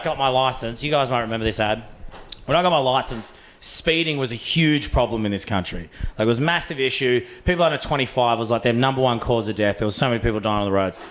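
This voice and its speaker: A young adult man with an Australian accent performing a stand-up comedy set, telling profane stories and acting out voices. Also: mid-range voice. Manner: profane, animated storytelling with acted-out voices. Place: comedy club stage. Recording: echoey club room, faint ambience.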